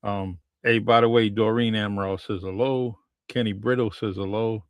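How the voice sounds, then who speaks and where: A man hosting a podcast, chatting casually in a relaxed, loose way. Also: lowish voice, moderate pace, dry recording. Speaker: podcast host. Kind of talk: casual chat.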